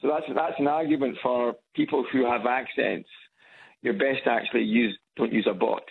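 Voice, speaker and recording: A man from Edinburgh with a Scottish accent, calling in to a radio show on a speakerphone, talking haltingly with lots of restarts. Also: mid-range voice, fairly even intonation, creaky. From Scotland. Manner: halting, with many restarts and fillers. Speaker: caller. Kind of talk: radio call-in chat. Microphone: phone on loudspeaker. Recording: tinny phone line with faint hiss.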